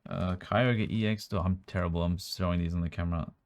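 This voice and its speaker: A young man with a strained, worn-out voice, chatting quickly as he sorts through a card collection at home, with bursts of excitement. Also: low voice. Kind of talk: casual running commentary while sorting cards. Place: room at home.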